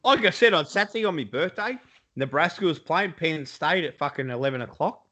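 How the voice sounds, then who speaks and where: Speaking fast and forcefully in a fairly high, bright voice with lively intonation, this Australian podcast co-host trades sweary, blokey banter about sport. He's chatting casually over a video call from home in Iowa.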